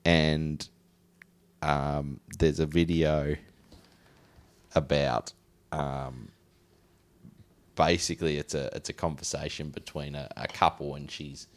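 A man co-hosting a podcast in casual chat, explaining things slowly and trailing off. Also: rumbling low, level tone. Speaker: podcast co-host.

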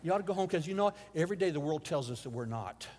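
A man preaching a sermon as a guest speaker in a church, telling a personal story with emotional swings from hushed to loud. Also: a little high, animated, rapid-fire. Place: church sanctuary. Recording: long hall reverb.

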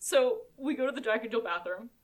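A woman's voice: fairly high pitch, brisk, slight background noise. Woman, young adult, podcast co-host, casual recap, filler-heavy, chatty.

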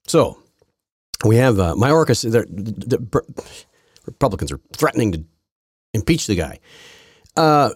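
Low raspy guy ranting on his podcast, sarcastic, bouncy pitch, dry close sound. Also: big pitch swings, a little slow, long pauses, no room sound. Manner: rambling, sarcastic, frequent restarts. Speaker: podcast host. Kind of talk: casual political commentary.

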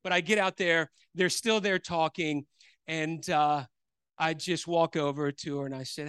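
Preacher, male, high-pitched, halting testimony style, dry close recording. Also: fairly even intonation, a bit bright, clear, resonant tone, dry recording. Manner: storytelling, hesitant with many fillers and restarts. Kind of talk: sermon testimony.

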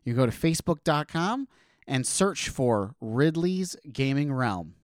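A man's voice: mid-range voice, animated, unhurried, no room sound, studio quality. A man co-hosting a podcast in casual chat, throwing in wisecracks. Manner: wisecracking interjections. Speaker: podcast co-host.

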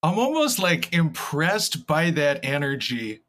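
Brief: slightly high-voiced man, rambling, hesitant podcast guest. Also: sing-song, slow pace, a bit bright. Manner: rambling, hesitant with many fillers. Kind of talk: casual podcast chat.

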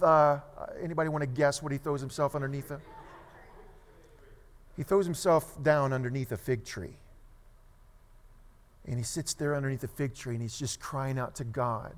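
Storytelling preacher in a reverberant hall. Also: male voice, fairly high pitch. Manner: animated storytelling, asks the congregation questions. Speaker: pastor. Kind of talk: sermon.

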